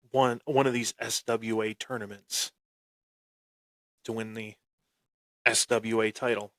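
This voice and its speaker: A wrestling podcast host spins a story with boastful heel swagger, erupting into sudden loud bursts and repeatedly restarting his phrases. His voice is medium in pitch, recorded with no room sound.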